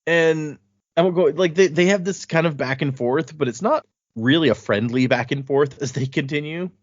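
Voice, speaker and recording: A man's voice: on the high side, moderate pace, no echo. A man co-hosting a casual podcast about a book, retelling scenes and quoting the characters in playful voices. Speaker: podcast co-host. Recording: dry, muffled lo-fi audio.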